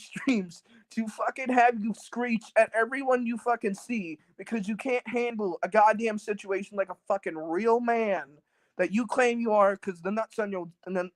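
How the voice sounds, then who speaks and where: A man's voice: high-pitched, no room sound, poor audio. A man telling a story as a guest on a talk show, rambling and cursing, full of fillers, acting out what others said. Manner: rambling, profane, many fillers; acts out quoted people. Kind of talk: casual storytelling.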